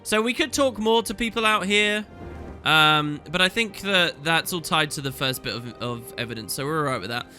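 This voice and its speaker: A chatty, amused man talks his way through a video game, explaining the story as he goes. His voice is bright and lively, leaping up and down in pitch. Soft game music plays faintly behind him. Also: moderate pace. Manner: chatty, amused, thinking aloud. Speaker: let's play host. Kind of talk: casual game commentary.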